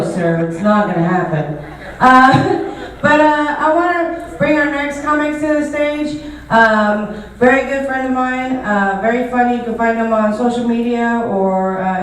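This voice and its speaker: A woman's voice: on the high side, moderate pace, recorded from a distance, slight background noise. A woman hosting a comedy show, talking bluntly and casually with profanity before introducing the next comic. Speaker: show host and emcee. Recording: very echoey venue audio picked up from afar.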